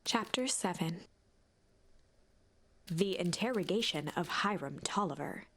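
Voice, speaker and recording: Hushed woman narrating a storybook game. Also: lowish voice, expressive, unhurried, slightly rough. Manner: hushed, drops into a whisper at tense moments. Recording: game narration over loud music.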